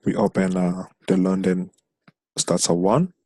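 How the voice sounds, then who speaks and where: A man's voice: sits low, fairly even intonation, a little slow, mellow, no echo. A man teaching a trading strategy over a screen share, explaining step by step and counting chart candles aloud. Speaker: trading instructor.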